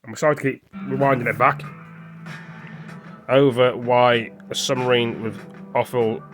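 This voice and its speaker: A man's voice: mid-range voice, steady tone, measured pace, faint music behind. Rambling man reading news with mouth full. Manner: rambling, stumbles over words, apologetic; talking with his mouth full. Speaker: vlogger. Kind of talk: casual commentary reading news off a screen.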